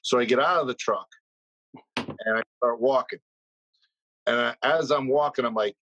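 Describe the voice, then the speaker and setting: A man's voice: mid-range voice, normal speed, pauses often, fairly bright tone, no echo, dull audio. A man in casual podcast chat, telling a rambling, swear-laden anecdote.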